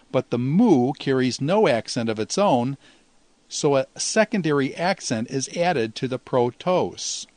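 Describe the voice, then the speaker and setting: Measured male lecturer, dry sound. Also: mid-range voice, no echo. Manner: measured, explanatory, slows to pronounce Greek words. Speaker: teacher. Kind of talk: Greek grammar lecture.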